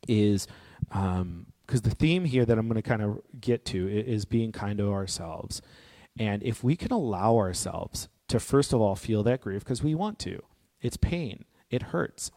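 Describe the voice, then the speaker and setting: Earnest man in a reverberant hall. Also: fairly low pitch. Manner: earnest, personal, gently encouraging. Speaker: speaker on grief and healing. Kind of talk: reflective spoken talk.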